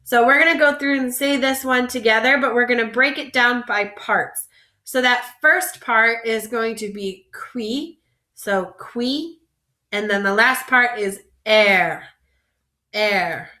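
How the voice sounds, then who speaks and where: A woman French teacher leading a vocabulary lesson, slowly drawing out each word for students to repeat. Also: fairly high pitch, sharp tone, roomy sound. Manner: slow, drawn-out modeling of words for repetition.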